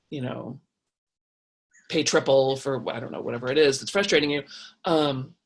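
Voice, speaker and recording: A woman hosting a casual advice talk, reading viewer comments and answering them in an animated, frank way with many restarts. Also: extremely low pitch, moderate pace.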